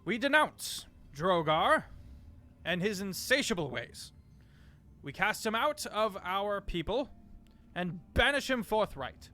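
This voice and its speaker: A man voicing a male human ambassador who proclaims in a loud, booming, formal voice. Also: heavily acted.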